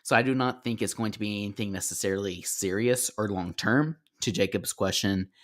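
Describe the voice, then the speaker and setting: A man's voice: on the low side, a little fast. A man co-hosting a sports podcast who speaks hesitantly, with many fillers and restarts. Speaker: podcast co-host. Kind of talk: casual sports chat.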